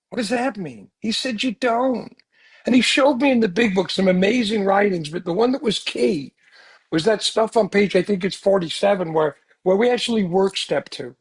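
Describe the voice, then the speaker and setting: A man giving an earnest, animated recovery talk full of rhetorical questions. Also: high-pitched, a little fast, slightly rough. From United States. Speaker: speaker sharing recovery story.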